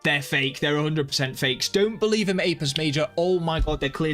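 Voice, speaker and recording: A man with a sore throat, commentating a game live on stream in an excitable, jokey way, reacting out loud. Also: a little high, brisk, soft background music. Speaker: gaming streamer.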